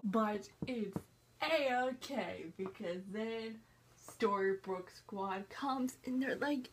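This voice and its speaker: A young woman vlogger giving an excited fan recap of a TV episode, gushing and acting out scenes as she goes. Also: a little high, takes it slowly, husky. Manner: gushing, animated, acts out scenes with "I'm just like".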